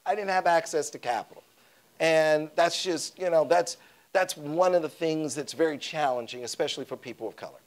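A man's voice: fairly high pitch, brisk. A man from Detroit, a media company boss, tells stories in an onstage fireside chat, acting out the dialogue and chuckling. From Detroit, USA. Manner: animated, acts out dialogue, chuckles often. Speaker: media company CEO, interview guest. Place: conference stage before an audience.

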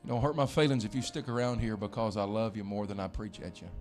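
A man's voice: lowish voice, fairly even intonation, quick pace, darkish tone, faint music behind. A male pastor, preaching a sermon in a church with folksy storytelling. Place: church sanctuary.

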